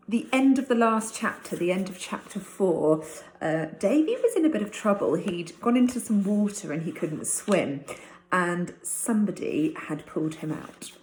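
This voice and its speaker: A woman's voice: mid-range voice, a little mellow, a little hiss or hum. A woman teacher reading a chapter of a storybook aloud to her class. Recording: roomy echo.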